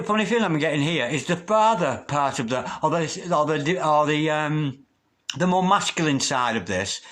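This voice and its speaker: A man giving a tarot reading, gentle and gushing, who drops into a low, repeated chant when he calls on the spirits. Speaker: tarot reader. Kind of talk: tarot reading with spoken invocations.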